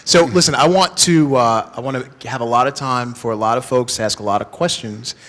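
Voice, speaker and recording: A man moderating a live stage interview before an audience, relaxed and joking, with brief encouraging replies. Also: medium pitch, brisk.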